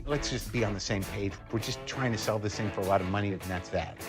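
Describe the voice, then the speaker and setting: An actor playing an edgy man caught up in a shady deal, talking in fast, fretful banter over loud film music. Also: on the low side, close to an everyday voice. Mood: tense banter.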